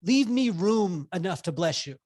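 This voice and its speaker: Lively forty-something man telling stories. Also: sits high, normal speed, no echo, studio quality. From Southern California. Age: 40s. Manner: energetic, laughs often, swears casually, acts out quotes. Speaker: podcast guest, business coach. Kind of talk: animated storytelling conversation.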